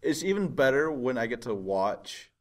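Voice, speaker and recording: A man's voice: medium pitch, big pitch swings, moderate pace. A man co-hosting a podcast, chatting casually and joking with friends. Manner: joking, playful banter. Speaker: podcast co-host. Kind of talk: casual chat.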